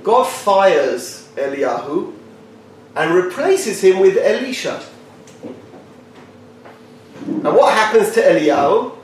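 A man giving a lively Torah talk to a live group, joking and quizzing his listeners by name. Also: sits high, recorded from a distance. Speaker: Torah teacher. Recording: echoey room picked up from afar.

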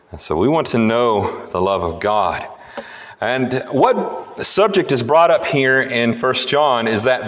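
A pastor preaching a sermon and leading a prayer, moving from soft prayer to emphatic teaching. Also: male voice, medium pitch. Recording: long hall reverb.

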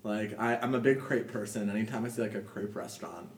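Young male podcast host, chatty and rambling, mid pitch, recorded off-mic in an echoey room. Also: steady tone, fast, recorded from a distance. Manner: chatty, many fillers and laughs. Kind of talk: casual chat. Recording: roomy, off-mic with faint noise.

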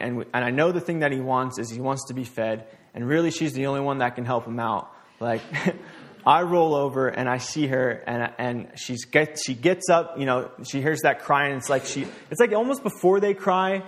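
A young man preaching a casual sermon, reading scripture aloud and explaining it in a conversational, halting way with many restarts. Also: medium pitch.

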